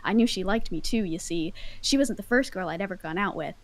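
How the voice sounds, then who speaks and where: A woman's voice: mid-range voice, brisk, low-quality recording. A woman chatting and reading a story aloud with a self-conscious, giggly manner. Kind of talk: casual chat and dramatic reading. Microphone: headphones.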